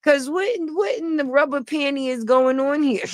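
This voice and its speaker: A woman's voice: sits high, unhurried, no echo. A woman giving casual gossip commentary on a livestream, blunt, sassy and profane, laughing often. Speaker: online commentator.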